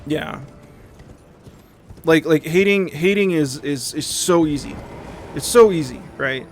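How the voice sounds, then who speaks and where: A young man chatting casually on a livestream, animated and profane, often mimicking other people in quick asides. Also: a little high, slight background noise. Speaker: streamer.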